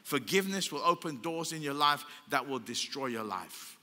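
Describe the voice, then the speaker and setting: A man's voice: a little high, animated, moderate pace, sharp tone. An older man preaching a sermon as pastor, emphatic and repetitive, asking the crowd rhetorical questions. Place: church hall. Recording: long church hall reverb.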